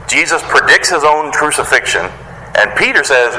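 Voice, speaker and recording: Animated male preacher in an echoey hall. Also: moderate pace, a little hiss or hum. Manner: animated, acts out quoted voices in a higher pitch; casual wording with playful slang. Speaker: pastor. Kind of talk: sermon.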